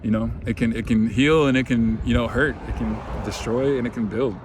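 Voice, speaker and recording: Man, mid-pitched, casual spiritual talker, crackly throat, faint street noise behind. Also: fairly quick. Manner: relaxed, rambling, full of "you know". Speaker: spiritual video host.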